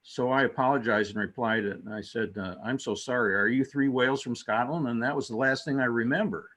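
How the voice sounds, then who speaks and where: A man's voice: medium pitch, fairly quick, fairly bright tone. A man calling in with a question, rambling in a folksy way with hesitations before making his point. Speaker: caller. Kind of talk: casual question with a joke.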